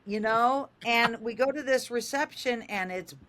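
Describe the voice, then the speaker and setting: An older woman radio host telling a funny story, lively and animated, acting out the voices in it. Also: unhurried, noisy background. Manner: lively, acts out quoted voices with big pitch jumps.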